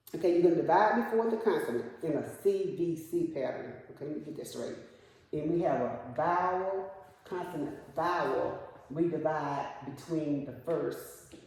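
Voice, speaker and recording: Woman teacher in a classroom, dark mellow voice, lots of echo, asks questions to prompt answers. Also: lowish voice. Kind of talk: classroom instruction. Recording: echoey classroom with long reverb.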